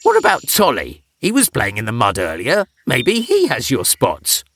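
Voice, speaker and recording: A man's voice: mid-range voice, huge pitch swings, moderate pace, a bit bright, breathy edge, no room sound, clean studio sound, full character voice. A man voicing a friendly, matter-of-fact male frog in a children's story. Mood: helpful.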